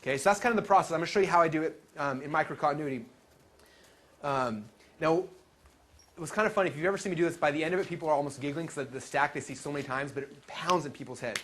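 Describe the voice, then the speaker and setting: A man telling stories at a live seminar, animated and acting out the quotes he tells. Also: on the high side, rapid-fire. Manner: animated storytelling, acts out quotes. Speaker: seminar speaker.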